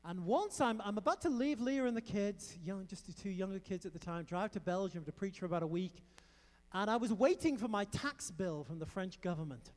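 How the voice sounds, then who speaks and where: A middle-aged man preaching a sermon, telling stories in an animated way with emphatic bursts. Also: high-pitched, brisk. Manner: animated storytelling with emphatic outbursts. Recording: long reverb of a large hall.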